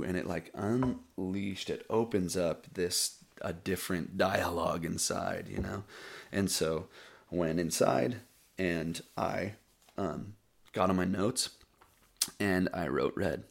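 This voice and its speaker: A man's voice: deep voice, expressive, moderate pace, gravelly. A man hosting his own show, telling a rambling, laid-back story in casual chat and breaking down a poem he wrote. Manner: rambling, laid-back storyteller who calls listeners buddy and dude. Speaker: podcast host. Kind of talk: casual storytelling and poetry reading.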